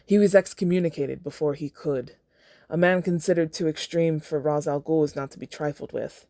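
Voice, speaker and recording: A woman's voice: low voice, fairly even intonation, moderate pace, dark tone, no room sound, studio quality. A woman reading the lines of a formal, worried older male butler in a faint put-on British-style lilt with American vowels. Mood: grave.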